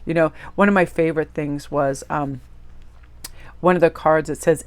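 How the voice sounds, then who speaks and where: A woman's voice: low-pitched, steady tone, normal speed. A woman tarot reader chatting casually as she shows a tarot deck, gushing and rambling.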